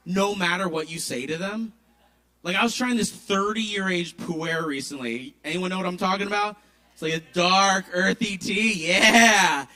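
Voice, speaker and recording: A man from Maryland doing stand-up comedy at an open mic, with an animated, punchy delivery. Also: high voice. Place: kava bar open mic.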